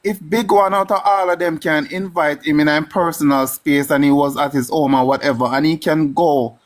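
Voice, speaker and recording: A man's voice: fairly high pitch, steady tone, normal speed. A man with a Jamaican accent arguing insistently during a live stream. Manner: insistent, argumentative. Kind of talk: heated live-stream argument.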